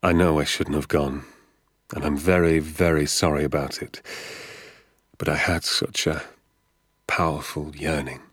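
A man reading aloud and voicing a gentle, soft-spoken father who talks in a quiet, measured way. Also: rumbling low, steady tone, no room sound, clean studio sound.

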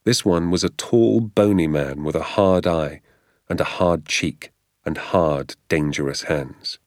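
A man narrating a storybook audiobook in a measured, even reading voice, voicing the dialogue himself. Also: low voice, no echo, studio quality.

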